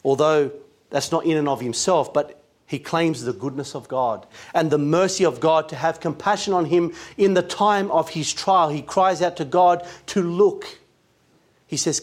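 A man's voice: fairly high pitch, moderate pace. A man preaching a sermon, earnest and emphatic, weaving scripture into his talk.

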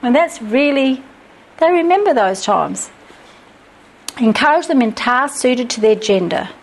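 Woman, middle-aged, slightly high voice, earnest, practical, teaching from notes, chatty asides. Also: lively intonation, unhurried, poor audio. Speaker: Christian parenting teacher.

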